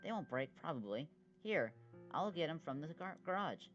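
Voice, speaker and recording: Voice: mid-range voice, big pitch swings, normal speed, a bit bright, lo-fi sound, faint music behind. A voice actor doing a plucky cartoon big sister. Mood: upbeat. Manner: bossy, encouraging, bold. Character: cheerful can-do big sister, a child. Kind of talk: animated web series voice acting.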